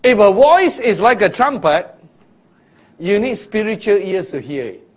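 A man teaching a Bible sermon in an unhurried, deliberate way, pausing to quiz his listeners and breaking into sudden loud sound illustrations. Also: high-pitched, big pitch swings. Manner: asks listeners questions directly. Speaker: preacher.

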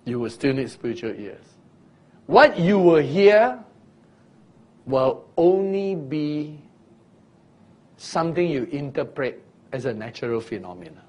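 A man teaching a Bible sermon in an unhurried, deliberate way, pausing to quiz his listeners and breaking into sudden loud sound illustrations. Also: a little high, big pitch swings. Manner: asks listeners questions directly. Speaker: preacher.

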